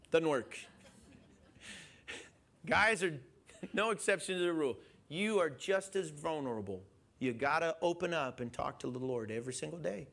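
A man preaching a sermon in an animated way, questioning his listeners and chuckling as he goes. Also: on the high side. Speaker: pastor.

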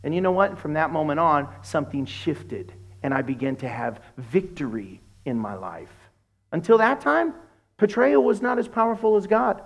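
A middle-aged man preaching a sermon as a pastor, telling humorous stories and acting out conversations in a lowered voice. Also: normal speed, creaky. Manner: animated, humorous storytelling that acts out dialogues in a lowered voice.

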